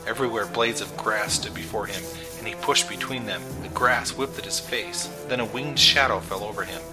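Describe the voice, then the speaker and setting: Man, somewhat low voice, dramatic storybook narration with music under it. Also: rough recording. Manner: dramatic, measured reading with tension. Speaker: audiobook narrator. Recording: narration over clear background music.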